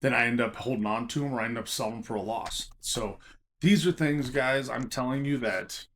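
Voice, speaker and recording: A man's voice: medium pitch, normal speed, fairly bright tone, slight background noise. Chatty emphatic man giving hobby advice. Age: adult teaching a college class. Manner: chatty, emphatic, frequent "okay?" asides. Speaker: Pokémon card collector and seller. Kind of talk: casual talking-to-camera advice.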